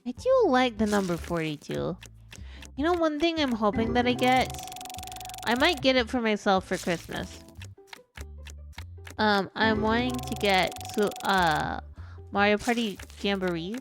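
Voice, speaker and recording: A woman's voice: mid-range voice, expressive, a little slow, pauses often, faint music behind. A woman streamer chatting casually while she plays, her voice stuffed up and congested, rambling and trailing off mid-sentence. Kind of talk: casual gaming stream chat.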